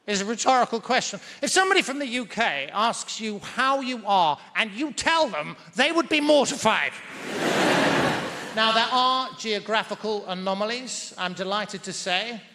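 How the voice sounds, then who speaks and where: British man, stand-up comic, mock-pompous, wordy, bright high voice, reverberant theatre hall. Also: lively intonation, unhurried. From Britain. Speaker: stand-up comedian. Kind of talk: stand-up comedy. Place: large theatre stage.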